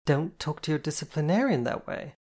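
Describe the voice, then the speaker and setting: A reader putting on a bossy, teasing older sister who plays the disciplinarian, her voice pitched well above the narrator's and clipped with mock patience. It is storybook character work from an audiobook reading, brisk and commanding. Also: animated, creaky. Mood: stern.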